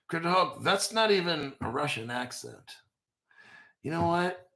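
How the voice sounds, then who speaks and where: A man's voice: a little high, lively intonation, unhurried, creaky, pauses often, fairly bright tone. A man hosting a live crypto show, talking casually and profanely, and bantering with himself as he reads articles. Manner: profane, talks back to himself.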